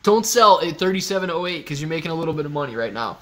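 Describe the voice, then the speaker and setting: This man speaks fast with hardly any pauses, his slightly high voice bright and forceful. He's hosting a relaxed livestream through a phone webcam, cracking jokes and replying to commenters by name in a loose way.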